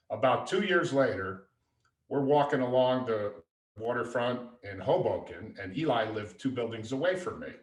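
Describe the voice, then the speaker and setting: A man telling stories as a guest in a podcast interview, lively and anecdotal. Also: mid-range voice. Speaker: guest, father and entrepreneur. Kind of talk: conversational storytelling. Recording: echoey room, distant mic.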